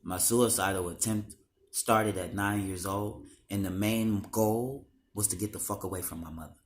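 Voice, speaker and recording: A man's voice: fairly low pitch, steady tone, normal speed, slight background noise. A young man talking straight to the camera in a raw, emotional monologue, slangy and full of swearing.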